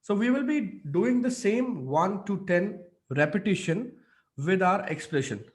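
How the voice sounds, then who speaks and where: A man coaching public speaking in an online mentorship session, energetic and demonstrative with many fillers. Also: sits high, a little slow.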